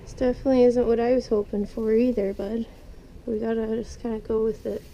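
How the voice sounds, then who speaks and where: A woman talks to her pets as she cleans their cages, her voice gentle and soothing. It sits a little high but sounds very dark and mellow, with a gravelly edge. A faint noise runs under the home recording. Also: little pitch movement, brisk, highs cut off. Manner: soothing, talks softly to animals. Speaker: pet vlogger. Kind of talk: casual talk to pets while cleaning cages. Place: indoor room with pet cages.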